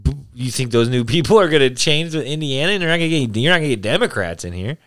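A man's voice: mid-range voice, lively intonation, fast, fairly bright tone, no echo, clean studio sound. A man co-hosting a casual podcast chat, blunt and profane.

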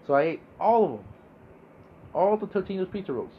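A man's voice: sits high, sing-song, a little fast, lo-fi sound, slight background noise. A young man hosting a casual monologue podcast, laid-back and rambling, swearing freely. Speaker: podcast host.

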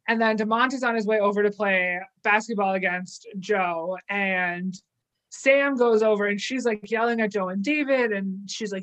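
A woman's voice: mid-range voice, normal speed, low-quality recording. A woman co-hosting a casual podcast, recapping a TV episode and acting out the characters' lines as she goes. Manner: animated storyteller, acts out quotes. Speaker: podcast co-host.

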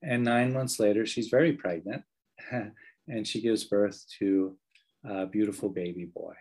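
Male meditation teacher, low husky voice, gentle earnest storytelling. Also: a little slow, rough recording.

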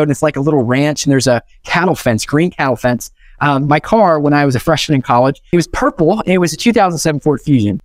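A man's voice: fairly high pitch, no echo. A young man giving a motivational keynote, telling stories with energy and acting out the dialogue. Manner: energetic, animated, acts out quoted dialogue. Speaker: keynote speaker.

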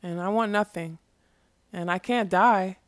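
A woman voicing a sorrowful immortal female unicorn in a storybook reading, solemn and measured. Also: mid-range voice, no room sound, close to an everyday voice. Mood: mournful.

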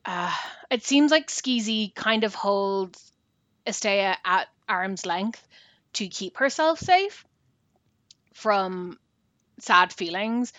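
A woman's voice: on the low side, fairly bright tone, dry recording. Dry-voiced woman recapping a book. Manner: retelling a plot at length with fillers. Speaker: book podcast co-host. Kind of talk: casual book discussion.

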